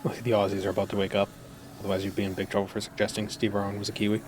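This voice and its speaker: A man's voice: on the low side, completely flat delivery, rapid-fire, noisy background. A man casually chatting and musing while streaming a game, often trailing off mid-sentence. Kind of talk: casual gaming stream chat.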